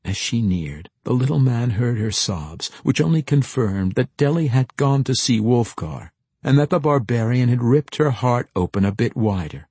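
A man narrating a fantasy novel as an audiobook, in measured storytelling, lightly voicing the characters. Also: mid-range voice, animated, warm tone, breathy edge, no echo.

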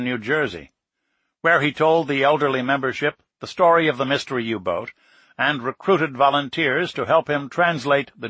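A man reading a nonfiction story aloud in steady, measured scripted narration. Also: mid-range voice, breathy edge, no echo. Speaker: audiobook narrator.

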